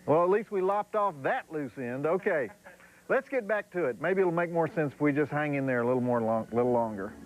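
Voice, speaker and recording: Wisecracking man, high-pitched drawl. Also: lively intonation, a little fast, rough recording. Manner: sardonic, drawling, chuckling asides. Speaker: horror movie host. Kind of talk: wisecracking TV movie host.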